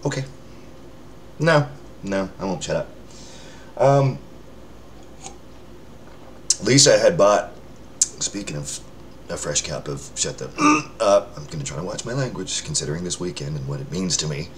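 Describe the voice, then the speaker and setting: A man's voice: deep voice, expressive, unhurried, pauses often, slight background noise. A man casually chatting to his followers, rambling and poking fun at himself. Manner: rambling, self-mocking, with filler words and restarts. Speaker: vlogger checking in with followers. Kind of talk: casual rambling chat to camera. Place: indoors under a lamp near a window.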